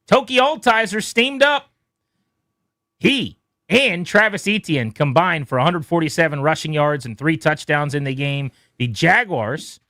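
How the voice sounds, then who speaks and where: A man hosting a sports radio show, rattling off quick game recaps with playful asides. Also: on the high side, a bit bright, no echo, studio quality. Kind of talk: brisk scores recap.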